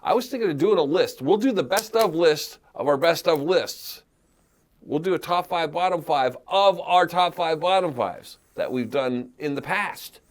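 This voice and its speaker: A sick man with a cough banters on a podcast in a fairly high voice that swoops up and down a lot. He jokes and teases his co-host, sounding playful even with the cold. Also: normal speed. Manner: jokey, lively, playful teasing. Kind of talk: casual banter.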